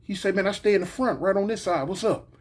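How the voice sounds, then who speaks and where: A man telling a story in a casual, animated way, acting out the voices of the people in it. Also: sits high, fast.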